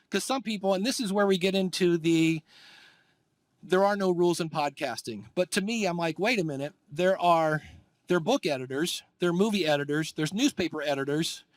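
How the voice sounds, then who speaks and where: A man with a high-pitched voice speaks at a live conference presentation. His delivery is lively and conversational, and he often slips into acted-out voices when quoting people. The sound is dry, with little room echo.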